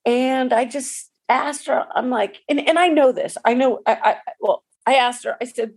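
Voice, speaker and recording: A woman in her forties, a pickleball player, telling a personal story in an emotional, halting way with many restarts. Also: high-pitched, a little mellow, breathy edge.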